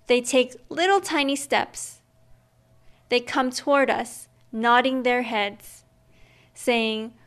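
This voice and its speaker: A woman reading a children's picture book aloud, slow and gentle, acting out the sounds in it. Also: high-pitched. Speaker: storyteller.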